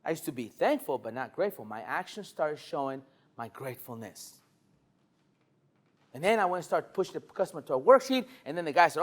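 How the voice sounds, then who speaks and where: A male car sales trainer giving a live demonstration, animated and loose, swinging from shouting to murmuring. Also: high voice, fast talker. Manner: hype-driven and loose, with occasional swearing.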